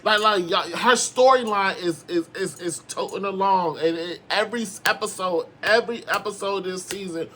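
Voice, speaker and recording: A young man giving sassy, animated casual commentary as a reality TV recap host, with sudden dramatic outbursts. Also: sits high, normal speed, few pauses.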